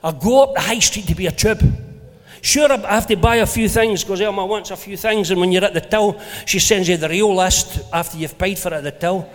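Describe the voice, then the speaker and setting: High-voiced Scottish preacher in a reverberant hall. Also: male voice, fairly quick. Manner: lively storytelling preacher, playful and animated. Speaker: pastor. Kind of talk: sermon. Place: church hall.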